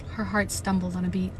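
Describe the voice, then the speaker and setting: Woman reading aloud in a noisy car. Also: lowish voice. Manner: swings from steady reading to loud, panicked outbursts and swearing. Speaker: live-stream reader. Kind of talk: reading a novel aloud with live reactions.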